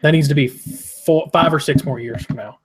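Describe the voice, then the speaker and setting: A man with a fairly high voice, co-hosting a wrestling podcast. He talks bluntly and swears often as he gives his predictions in a loose, casual way. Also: normal speed, slightly rough. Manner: blunt and opinionated, swears freely. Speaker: podcast co-host.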